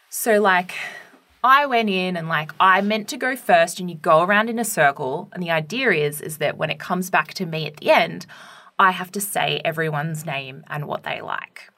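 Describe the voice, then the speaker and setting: A woman's voice: on the low side, moderate pace, sharp tone. A young adult woman co-hosting a podcast, telling a teaching story in a casual, chatty way full of "like" and "right?".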